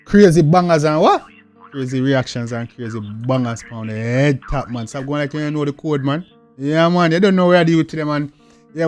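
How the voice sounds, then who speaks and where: A young man with a Jamaican accent hosting a music reaction video, talking in a hyped, slangy way and repeating catchphrases. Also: on the high side. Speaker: reaction channel host. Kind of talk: casual reaction commentary.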